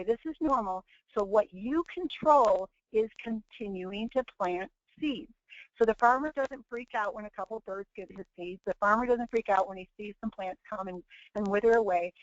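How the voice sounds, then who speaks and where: A woman leads a motivational webinar, hammering her points with repetition and little acted-out quotes. Her voice sits fairly high. The audio is dry and a bit muffled, like a lo-fi online call. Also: dry recording. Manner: preachy, repetitive, acts out quoted people. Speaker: webinar presenter.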